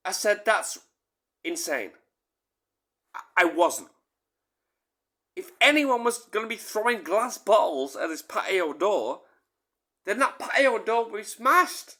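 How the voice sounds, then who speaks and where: Slow, bright-voiced man telling anecdotes. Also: high-pitched, sing-song. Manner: swears casually, repeats and corrects himself. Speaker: storyteller. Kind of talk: rambling comic anecdote.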